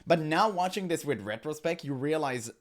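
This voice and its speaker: A man's voice: on the high side, lively intonation, moderate pace. A man hosting a reaction commentary, talking casually and emphatically with exasperated, slangy asides to his viewers. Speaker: commentary host reacting to a video.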